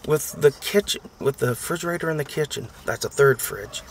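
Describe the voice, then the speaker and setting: A man's voice: fairly high pitch, lively intonation, brisk, slight background noise. An American man in his thirties, chatting casually and complaining in a rambling, mocking way. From United States. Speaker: vlogger. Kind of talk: casual chat.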